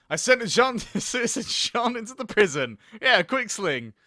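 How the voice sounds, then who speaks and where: A young man talks through a game session, animated and foul-mouthed. His voice sits a bit high, bright and sharp, jumping all over in pitch. The sound is close and dry. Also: a little slow, few pauses, no echo. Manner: animated, swearing, laughing often. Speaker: gaming channel host. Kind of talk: let's play commentary.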